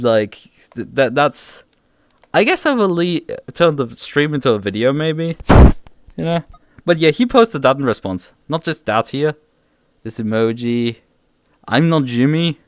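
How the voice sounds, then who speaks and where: A man's voice: mid-range voice, no room sound. A man streaming live, ranting in a casual, exasperated way, swearing often and stumbling over restarts. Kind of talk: casual livestream rant.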